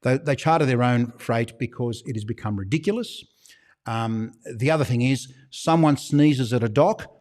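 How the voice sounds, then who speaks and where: A man's voice: mid-range voice, a little mellow. A man hosting a live question-and-answer stream, talking casually and sounding exasperated as he explains things. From Australia.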